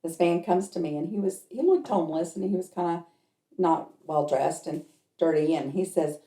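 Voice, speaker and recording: Woman, medium, casual storytelling, mellow low voice, roomy echo. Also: normal speed. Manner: chatty, lively storyteller who acts out the people in her stories.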